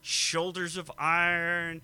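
A man's voice: on the high side, monotone, slow, pushed and bright, clear, resonant tone, no echo. A man co-hosting a podcast, teasing and wisecracking in casual chat. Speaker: podcast co-host.

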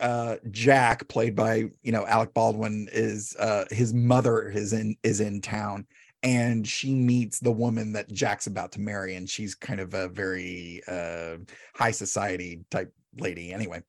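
A man hosting a podcast, who tells stories in a chatty, animated way and often restarts his phrases. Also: lowish voice, measured pace, no echo, studio quality. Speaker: podcast host. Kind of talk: casual podcast conversation.

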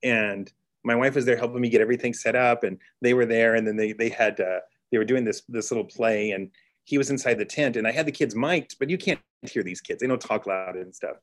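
Guy, middle-aged teacher, earnest storytelling, stops and restarts a lot, gets loud when excited. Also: medium pitch, fairly quick. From Texas. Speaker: teacher and author guest. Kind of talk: storytelling in conversation.

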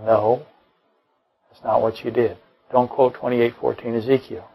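Gravelly-voiced man preaching a sermon. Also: mid-range voice, level tone, unhurried, dull audio. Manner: emphatic, rhetorical questions, dry jokes. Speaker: pastor. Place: church.

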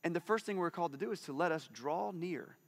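A man in his forties preaching a conversational sermon, lively and animated, sometimes dropping to a soft, hushed voice. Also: fairly high pitch, fast. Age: 40s. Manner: conversational, animated, drops to a soft hush for intimate moments. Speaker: pastor. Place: church.

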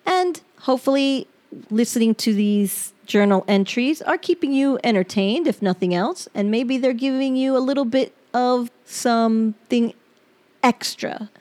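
A middle-aged woman hosting a personal podcast, reading her own journal aloud. She talks in an open, reflective, halting way and gets choked up near tears. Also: fairly high pitch, darkish tone. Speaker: podcast host.

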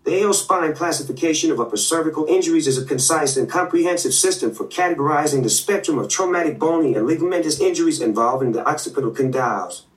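Brief: man doing a computer voice reading a medical text, quick and higher, echoey and distant. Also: lightly acted. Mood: flat reading. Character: text-to-speech voice reading an article. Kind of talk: synthetic article reading.

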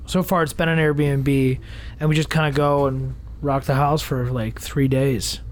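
A man's voice: medium pitch, fairly even intonation, unhurried. A young man, co-hosting a podcast in rambling, casual chat with lots of fillers and swearing. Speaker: podcast co-host.

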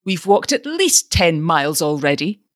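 A woman's voice: low voice, sing-song, normal speed, no echo, studio quality. A woman reading aloud, voicing a fussy, absent-minded elderly father who talks in a querulous, fretful way.

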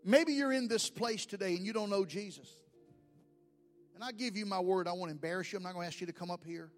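A man preaching a sermon as pastor, swinging between shouted lines and hushed, whispered prayers. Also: sits high, fast talker. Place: church sanctuary. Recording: long hall reverb with faint music.

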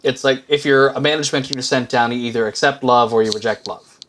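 A man's voice: mid-range voice, steady tone, fast talker, fairly bright tone, slight background noise. A man co-hosting a movie review podcast, talking in a wry, joking way with plenty of fillers. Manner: wry, dry humor with frequent fillers. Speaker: podcast co-host. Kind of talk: casual movie review chat.

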